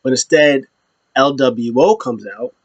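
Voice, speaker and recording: A man's voice: mid-range voice, a little slow, no room sound, dull audio. A man hosting his own show, giving a casual, rambling recap with many restarts. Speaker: show host.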